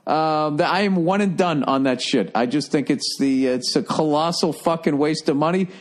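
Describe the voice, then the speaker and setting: A man hosting a comedy podcast, telling a rambling, profane story in a casual monologue. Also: a little high. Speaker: podcast host.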